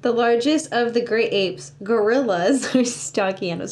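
A woman's voice: on the high side, moderate pace, darkish tone. A woman co-hosting a podcast in casual chat, teasing her partner and musing over the story. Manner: teasing, analytical. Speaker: podcast co-host.

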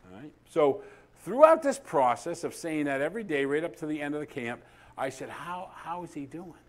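A man preaching a sermon as pastor, telling stories and swinging between loud emphatic lines and soft, hushed ones, sometimes dropping to a near whisper. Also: on the high side, sing-song, fairly quick.

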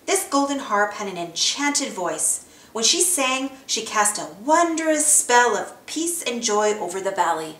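Lady reading a kids' story, lively ups and downs, bit high, echoey room. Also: measured pace. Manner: expressive storytelling. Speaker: storybook reader. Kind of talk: children's read-aloud narration.

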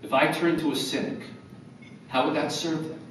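Speaking at normal speed, this man in his fifties has a fairly high, fairly bright voice with fairly even intonation. Accepting an award in a large hotel ballroom, he's earnest but wryly funny. The distant recording picks up ballroom echo and a slight hiss or hum.

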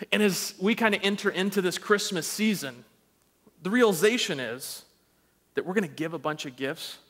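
A man preaching a storytelling sermon, animated and self-deprecating, acting out the voices in his stories. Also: mid-range voice. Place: church sanctuary. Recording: long church reverb.

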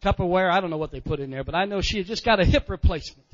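A man preaching in a church, his voice high for a man, and he keeps saying amen in a folksy way as he builds up to loud points. The recording is dull and muffled, with long reverb from the sanctuary. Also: rapid-fire. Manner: folksy preaching with frequent amens, swelling loud on key phrases. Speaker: pastor. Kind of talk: sermon.

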